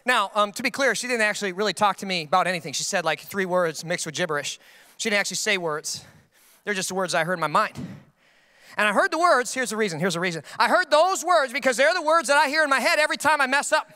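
Young man, pastor preaching, very high voice, bright and crisp, quick comic storytelling. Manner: comedic storytelling with animated outbursts. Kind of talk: sermon.

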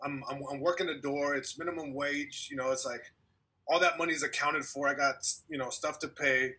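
A man's voice: fairly high pitch, steady tone, moderate pace, sharp tone, husky. A young man and comedian guest telling a long story in casual podcast chat over a video call, acting out quotes and laughing along the way.

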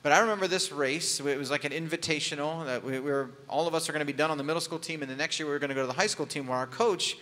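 A pastor preaches a sermon in a church sanctuary, sharing a personal story candidly and conversationally with touches of humor. His slightly high voice is bright and forceful, coming rapid-fire with few pauses, and a long hall reverb trails behind it.

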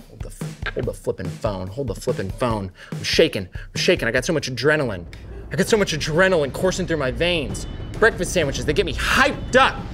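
Hyped male guest cook, animated sing-song delivery, clear music underneath. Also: medium pitch. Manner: hyped, excitable, repeats phrases. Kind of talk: comic cooking banter.

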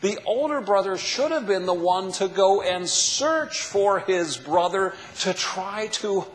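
A man's voice: sits high, animated, takes it slowly. A man preaching a sermon as a pastor, asking the listeners question after question. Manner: asks the listeners many questions. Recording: long hall reverb.

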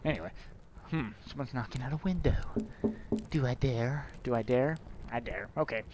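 A man's voice: medium pitch, normal speed, very noisy. A man giving joking, rambling commentary while playing a horror game. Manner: joking, rambling, self-mocking asides. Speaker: gaming video host. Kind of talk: let's play commentary.

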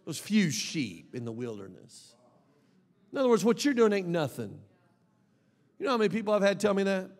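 A man preaching an emphatic, animated sermon as a pastor, with bursts of shouting. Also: sits high, normal speed, pauses often. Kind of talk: lively sermon. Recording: long reverb of a large hall.

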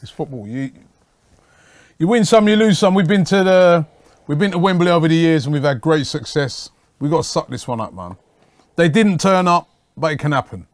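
A man hosting a football talk show, calmly trying to settle down his angry guest. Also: on the high side, normal speed, no room sound. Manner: calm, placating, reasoned. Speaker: show host.

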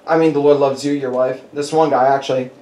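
A man preaching a conversational sermon, telling personal stories in an animated way and chuckling as he goes. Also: medium pitch, fast talker, far from the mic. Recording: echoey hall with faint background noise.

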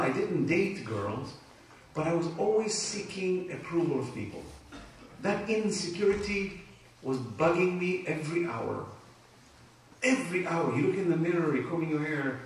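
Man, religious speaker, emotional storytelling, high voice, very echoey hall, distant mic. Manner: emotional, animated storytelling with laughter. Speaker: Islamic speaker. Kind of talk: lecture with personal stories. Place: community centre hall.

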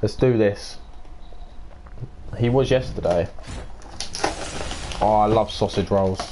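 Playing on a live stream, this nineteen-year-old British man grumbles, curses, and casually greets viewers by name as he replies to them. He talks slowly in a lowish voice, with background noise audible.

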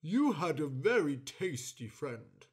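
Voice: mid-range voice, sing-song, slow, a little mellow, slightly rough, heavily acted. A storyteller voicing a greedy male dog who is smug and unbothered.

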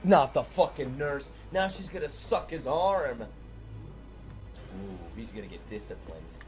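A man reacting to an anime episode, excitable and profane, often breaking into exclamations. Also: mid-range voice, unhurried, over music. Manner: excitable, swears a lot, exclaims. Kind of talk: casual reaction commentary. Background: anime soundtrack playing.

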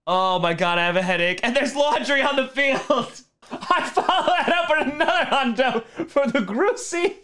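A man's voice: very high voice, expressive, normal speed, sharp tone. A man streaming his reaction to a football game, caught in a laughing fit and giggling through his words. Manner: giggly, keeps breaking into laughter. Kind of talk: casual live-stream reaction.

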